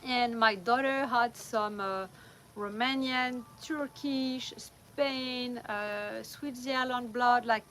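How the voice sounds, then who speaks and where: A middle-aged French vlogger with a strong accent chats casually with livestream viewers and laughs often, at night in a van or at home. She records with just a phone or camera, no mic, so the audio is poor with slight background noise. Her voice is fairly high, steady, a bit bright, and slow.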